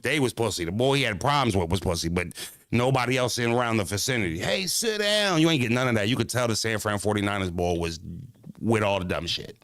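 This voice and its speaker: Low-voiced philly guy on a livestream, cussing and slangy, chatting to viewers, dry sound. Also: fast talker, fairly bright tone, dry recording. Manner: profane, slangy storytelling; talks straight to viewers. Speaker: livestream host. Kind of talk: casual livestream chat.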